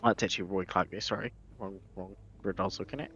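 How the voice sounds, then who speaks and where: A man commentating a sim race live, chatty and quick with frequent restarts, his voice going hoarse. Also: sits low, steady tone, fairly bright tone, muffled recording. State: losing his voice. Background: race car engine noise.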